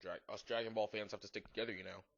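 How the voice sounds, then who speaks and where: A man's voice: on the low side, level tone, very fast, creaky, no room sound. A man doing a comedic reading, tossing in sarcastic, mocking asides. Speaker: comedic reader of a bad fanfic. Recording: dull lo-fi home mic.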